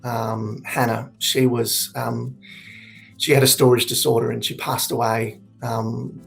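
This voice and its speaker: Man, 40s, suicide prevention speaker; earnest, reflective, slightly gravelly, mid-pitched. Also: level tone, a bit bright, faint music behind. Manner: reflective, earnest, halting with restarts. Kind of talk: candid personal testimony.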